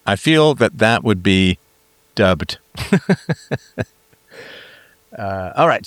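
A man's voice: medium pitch, sing-song, slow pace, long pauses, dry recording. A man hosting a livestream, chatting casually and reading out comments. He rambles with a self-mocking, joking manner. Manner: rambling and self-mocking, with lots of fillers and restarts. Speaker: livestream host.

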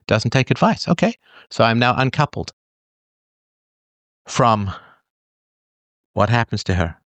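Blunt low-voiced man lecturing. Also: fairly bright tone, no room sound. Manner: blunt, emphatic, acts out whiny quotes. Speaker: podcast host. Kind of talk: monologue to listeners.

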